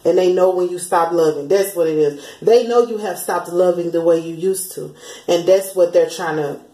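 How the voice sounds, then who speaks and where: A woman's voice: lowish voice, moderate pace, mellow, roomy sound, low-quality recording. A woman, chatting casually as she passes on spiritual channeled messages, often slipping into quoted voices. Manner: chatty, laughs often, slips into sung lines and quoted voices.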